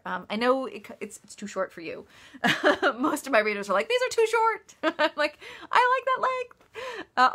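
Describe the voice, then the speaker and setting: A woman's voice: a little high, pushed and bright. A woman author chatting casually on a live stream, answering viewer questions with frequent laughs, ums and restarts. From United States. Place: office.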